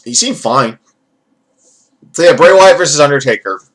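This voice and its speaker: A man's voice: fairly high pitch, expressive, normal speed, a bit bright, husky. A man giving a rambling, profane, jokey recap as a casual wrestling event reviewer.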